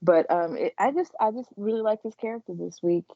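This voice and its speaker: A woman's voice: medium pitch, fairly quick, dry recording. A woman co-hosting a casual TV recap podcast, talking hesitantly with lots of fillers. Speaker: podcast co-host. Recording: dull, dry lo-fi sound.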